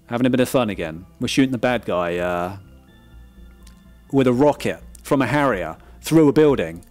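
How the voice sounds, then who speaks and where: A man's voice: medium pitch, animated, normal speed, a little mellow, soft background music. A man giving a frank, casual review of a film disc, often checking in with "right?" and restarting his words.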